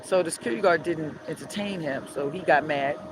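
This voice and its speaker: A middle-aged woman street vlogger with a New Orleans accent livestreams from a city street at dawn, filmed on a phone, speaking in a low, slightly fast voice. She rants heatedly and profanely, telling animated stories with sing-song chanting over loud outdoor traffic noise.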